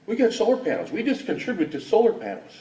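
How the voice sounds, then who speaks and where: A man's voice: high voice, huge pitch swings, fast talker, mellow, highs cut off. A man from Wisconsin giving a rambling, indignant public comment full of rhetorical questions at a hearing. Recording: echoey hall from far off.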